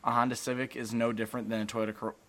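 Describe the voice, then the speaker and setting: A man co-hosting a casual car podcast, rambling and animated, often restarting his sentences. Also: medium pitch, rapid-fire. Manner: rambling, animated, self-interrupting. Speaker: podcast co-host.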